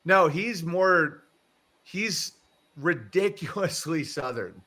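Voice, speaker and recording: A man's voice: on the high side, animated, slow, bright, forceful tone. A man hosting a casual livestream, rambling through a story, chuckling and swearing casually. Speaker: livestream host. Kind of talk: casual chat.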